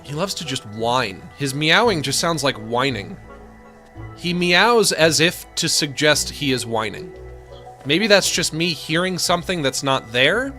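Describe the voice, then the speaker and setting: A man in his thirties streaming a game, talking casually with sardonic, deadpan rants that burst into exasperated complaints. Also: fairly high pitch, unhurried, faint music behind. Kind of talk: casual live-stream chat while gaming.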